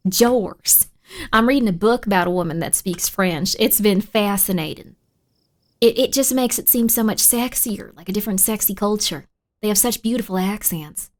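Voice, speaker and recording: A woman streaming a spooky game, chatting playfully with viewers, dropping to whispers while searching and bursting into excited shouts. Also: mid-range voice, normal speed. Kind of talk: casual live-stream gaming chat.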